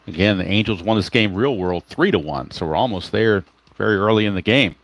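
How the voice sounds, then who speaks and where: A man with a fairly low voice hosts a tabletop baseball simulation, reading dice results and player cards aloud in a relaxed play-by-play. He explains each roll as he goes and breaks off now and then to greet viewers and correct himself. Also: a little fast. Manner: greets live chat viewers mid-game; talks to himself, corrects his own slips. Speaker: tabletop baseball game host.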